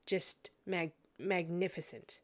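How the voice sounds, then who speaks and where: A woman giving a psychic reading in a vlog, hesitant and full of pauses, tearful and sniffly. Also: on the low side, fairly even intonation. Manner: hesitant, many ums and restarts. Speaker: psychic reader. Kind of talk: emotional psychic commentary vlog.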